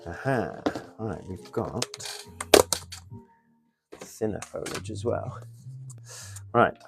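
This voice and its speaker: A man's voice: fairly low pitch, lively intonation, extremely slow, vocal fry, very noisy. A man chatting casually on a live stream while he builds a model, muttering as he works and answering viewers. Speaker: model railway hobbyist streamer.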